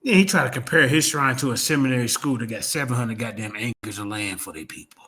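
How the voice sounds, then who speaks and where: Bright, combative man ranting on stream. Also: mid-range voice. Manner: combative, profane, fast-talking trash talk. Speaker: streamer host. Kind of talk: heated livestream rant.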